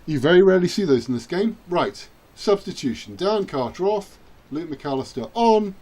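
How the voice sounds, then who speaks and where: A man's voice: high-pitched, lively intonation, moderate pace, darkish tone. A man chatting his way through a rugby video game, self-mocking and now and then cheering at the screen. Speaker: gaming channel host. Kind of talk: let's-play commentary.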